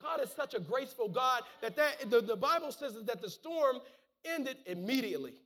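High-pitched male preacher, fervent. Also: expressive, moderate pace, sharp tone. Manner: fervent, punctuates with calls of amen and hallelujah; repeats words and restarts phrases. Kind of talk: sermon, reading and preaching scripture.

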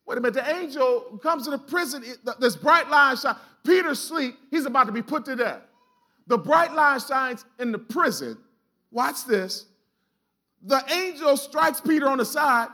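A man's voice: very high voice, lively intonation, moderate pace, bright, forceful tone. A man preaching a sermon in a church, exhorting the congregation with call-and-response and casual, colloquial asides. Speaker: pastor. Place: church sanctuary.

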